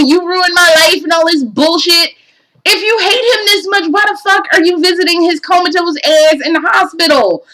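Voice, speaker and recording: A woman's voice: very high voice, bright, forceful tone, slight background noise, poor audio. A woman giving a casual game review, profane and exasperated, ranting animatedly.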